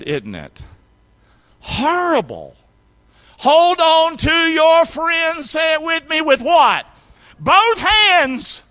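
A man preaching a sermon as a pastor, with emphatic call-and-response and sudden shouted lines for emphasis. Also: very high voice. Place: church sanctuary.

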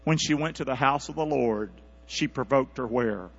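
A man preaching a sermon as pastor, calling out for responses from his congregation and swinging from quiet asides to loud, high-pitched exhortation. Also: normal speed, gravelly, breathy edge. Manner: calls for congregation responses, animated rising delivery. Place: church sanctuary. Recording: dull lo-fi church recording with mains hum.

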